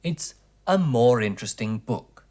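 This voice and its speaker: A man teaching English in a scripted 1980s television lesson, speaking clearly and deliberately through word drills. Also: mid-range voice, expressive, darkish tone. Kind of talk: slow, scripted language lesson. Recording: 1980s educational television recording.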